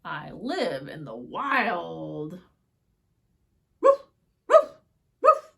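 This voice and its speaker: A woman voicing a small male puppy who insists he is a fierce lone wolf, with proud, loud declarations broken by barking, in a storybook read-aloud. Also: lowish voice, very animated, extremely slow, gravelly, a little hiss or hum, exaggerated voice. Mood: defiant.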